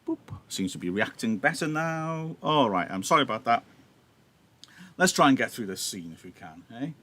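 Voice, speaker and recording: A man teaching a play live into a laptop microphone, chatting casually and apologising along the way. His throat is a little husky and sore, and his pitch sits at an ordinary middle. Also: sing-song, moderate pace, pushed and bright. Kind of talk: livestreamed reading lesson with analysis.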